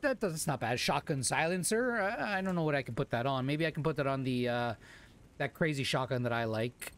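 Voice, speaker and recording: A man giving excitable gameplay commentary into a desk microphone, swearing and shouting exclamations at enemies. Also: on the high side, normal speed. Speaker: gameplay video host. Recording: loud gunfire from game audio. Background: game sounds, gunshots and clicks.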